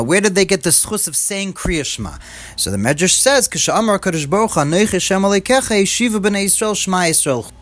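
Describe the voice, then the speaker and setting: High-voiced man teaching Torah texts. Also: a bit bright. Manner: switches between quoted Hebrew and English explanation, rising emphatic repeats. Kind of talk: Torah class explaining texts.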